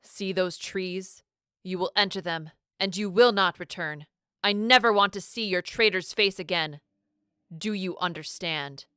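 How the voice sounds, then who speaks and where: A woman's voice: fairly low pitch, measured pace, fairly bright tone, clear, resonant tone, no echo, clean studio sound. A woman voicing a cruel female leader who speaks with false sweetness and hisses in anger. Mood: cold.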